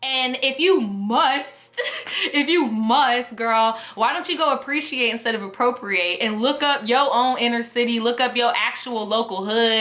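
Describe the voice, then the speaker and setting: A woman's voice: on the high side, moderate pace, a bit bright, soft background music. A young woman from New York, a vlogger ranting casually to camera, blunt, sassy and full of profanity. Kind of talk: casual opinion rant to camera.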